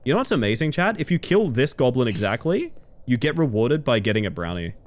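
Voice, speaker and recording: A man's voice: medium pitch, big pitch swings, brisk. A man chatting casually with his viewers while he streams a game, rambling and laughing easily. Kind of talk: casual gaming-stream chat.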